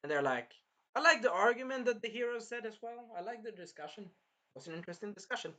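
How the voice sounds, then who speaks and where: Man, fairly high voice, excitable rambling recap, casual reviewer. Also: fast talker. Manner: excitable, rambling, jumping between plot points. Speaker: anime reviewer.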